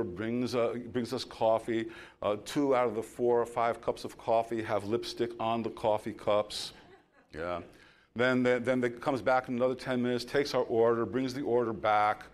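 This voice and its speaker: Storytelling man preaching a sermon. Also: mid-range voice. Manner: storytelling preacher, builds to loud emphasis then drops soft. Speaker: pastor.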